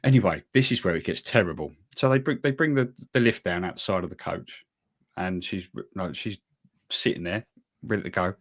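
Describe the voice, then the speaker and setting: A man, co-hosting a podcast and telling a long story in casual chat, acting out what people said. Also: a little fast. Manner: animated storyteller, acts out quotes with big pitch jumps. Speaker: podcast co-host.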